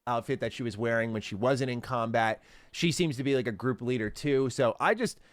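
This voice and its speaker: A gaming commentator with a mid-range voice talks briskly through a casual video commentary on a game trailer. He is enthusiastic and rambling, using many fillers, and the recording is dry.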